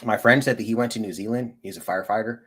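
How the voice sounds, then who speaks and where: On a livestream, a Colorado-based auditor talks quickly in a voice on the low side, a bit bright and slightly rough. His casual, rambling chat with viewers is slangy and full of "dude" and "like."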